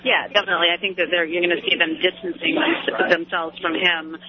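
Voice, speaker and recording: Fast-talking woman on a dull line. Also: fairly low pitch, flat delivery, very noisy. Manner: rapid, with many fillers and restarts. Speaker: political commentator guest. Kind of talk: radio talk show discussion.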